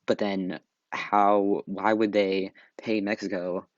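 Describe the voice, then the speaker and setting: A man's voice: fairly low pitch, flat delivery, slow pace, dry recording, lo-fi sound. A tired, slightly breathless young man explaining history late at night in a rambling, sarcastic way with lots of fillers, recorded through wireless earbuds. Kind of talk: casual study narration.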